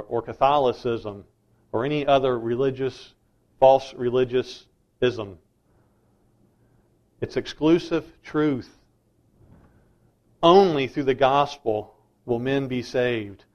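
A man's voice: mid-range voice, lo-fi sound. A middle-aged man preaching a sermon as a pastor, emphatic and insistent.

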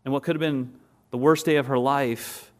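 A man preaching a sermon and teaching from a text. He asks the listeners questions, then answers them, and slows down and softens on key words. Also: medium pitch, steady tone. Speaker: pastor.

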